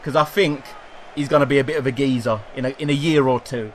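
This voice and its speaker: A young man commentating on his own football video game, excitable and swearing, shouting at his players. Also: medium pitch, fast talker. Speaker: gaming commentator.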